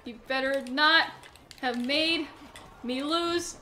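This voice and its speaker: Excitable high bright young woman gamer. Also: measured pace. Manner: excitable, shrieks and panics, then rambles and laughs at herself. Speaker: gameplay commentator. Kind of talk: let's play commentary.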